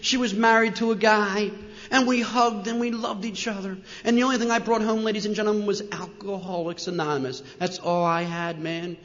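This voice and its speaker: A middle-aged man with a New Jersey accent, telling his recovery story to an audience in an animated way, full of "man" and repeated "and"s. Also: sits high, a little fast. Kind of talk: personal story talk to an audience. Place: large meeting hall with an audience. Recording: muffled, reverberant hall recording.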